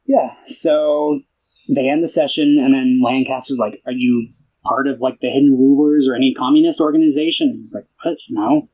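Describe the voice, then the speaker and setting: Young man, podcast co-host, casual chat, rambling plot recap, acts out quoted lines, mid-pitched. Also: moderate pace, a little mellow, poor audio.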